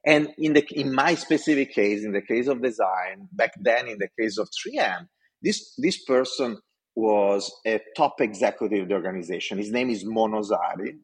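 Speaking with an Italian accent, a man from Italy recounts his career with real passion, performing the quoted dialogue as he goes. His lowish voice is expressive and slightly rough, and he keeps a moderate pace.

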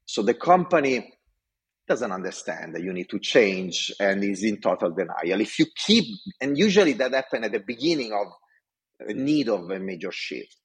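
A man's voice: lowish voice, big pitch swings, normal speed, husky. A man from Italy with an Italian accent, telling a story about his career with passion and acting out the dialogue. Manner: passionate, acts out quoted dialogue. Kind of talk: animated storytelling.

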